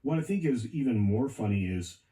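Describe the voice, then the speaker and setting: A man's voice: mid-range voice, animated, fairly quick, dark tone, breathy edge, rough recording. A man in a casual chat, making dry, sarcastic remarks.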